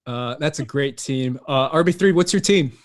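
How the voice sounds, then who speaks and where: A man's voice: mid-range voice, moderate pace. A man co-hosting a casual chat, upbeat and laughing often. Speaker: co-host.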